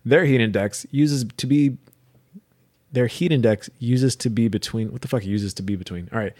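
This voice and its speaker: A man's voice: mid-range voice, moderate pace, a little mellow. A man co-hosting a podcast in casual chat, joking, swearing and stumbling over facts he reads out. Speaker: podcast co-host.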